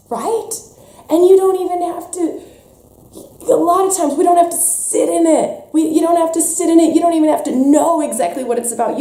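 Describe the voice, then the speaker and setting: A woman leading a spiritual workshop talk, speaking passionately and swinging between soft and emphatic delivery, with some swearing. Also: a little high. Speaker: workshop leader. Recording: echoey room.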